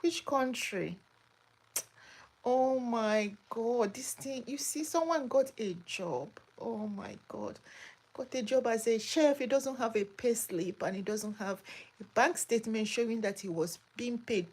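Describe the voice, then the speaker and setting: A woman's voice: on the high side, unhurried, darkish tone, husky. A woman hosting a live chat from home, answering viewer comments with emphatic, exclamatory talk that keeps repeating itself. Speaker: migration advice channel host. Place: home in Australia.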